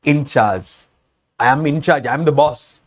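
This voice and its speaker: A man with a Sri Lankan English accent, a Sinhala speaker, teaching a spoken English lesson and explaining each phrase again and again, sometimes slowing down for examples. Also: medium pitch.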